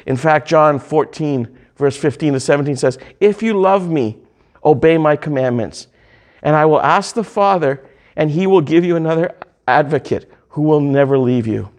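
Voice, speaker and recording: A man preaching a sermon, reading hymn lyrics and scripture aloud in slow, drawn-out phrases. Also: fairly high pitch, expressive, darkish tone.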